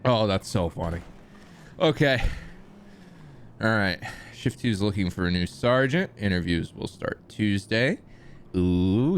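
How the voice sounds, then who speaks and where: A man's voice: on the low side, expressive, measured pace, pauses often, a little hiss or hum. A man streaming a police roleplay, chatting casually, laughing often and swearing. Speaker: streamer playing a police chief.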